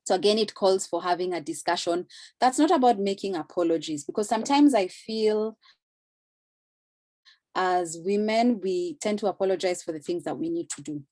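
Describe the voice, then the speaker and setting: Earnest woman giving advice, lowish voice. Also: darkish tone, dry recording. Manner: earnest, explanatory, acts out short quotes. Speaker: panel speaker giving career advice. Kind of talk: conversational advice talk.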